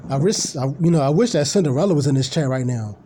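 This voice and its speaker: A man's voice: a little high, expressive, fast, mellow, a little hiss or hum. A man ranting casually on a live stream, blunt, profane and rambling.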